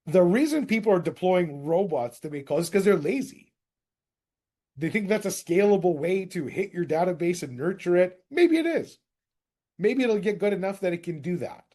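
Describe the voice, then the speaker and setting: Man, sales coach, energetic, direct, slightly high, mellow dark tone. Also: normal speed. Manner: direct, energetic, addresses group as guys. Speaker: real estate sales coach. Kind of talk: coaching session lecture.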